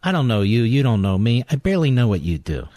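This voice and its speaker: A man hosting a talk radio show, delivering a combative monologue full of sarcastic insults, growing loud and heated. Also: medium pitch, very animated, fast talker, dry recording. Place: radio studio. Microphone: studio microphone.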